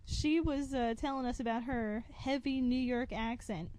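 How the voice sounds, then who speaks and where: A woman's voice: a little high, normal speed, darkish tone, rough recording. A woman co-hosting a podcast in casual chat, laughing often and reacting with short exclamations. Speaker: podcast co-host.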